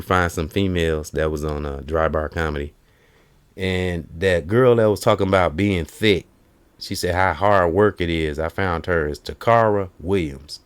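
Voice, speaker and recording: A man hosting a casual chat, retelling comedians' jokes and breaking into high put-on voices for the punchlines. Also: smooth. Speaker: host.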